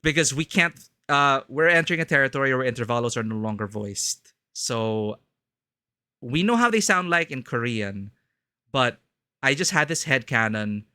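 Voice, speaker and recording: A man talks casually to his stream chat while playing a game, rambling and breaking off his own sentences. His voice is bright and forward, recorded very dry on a close mic. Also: mid-range voice, no echo. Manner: rambling, self-interrupting.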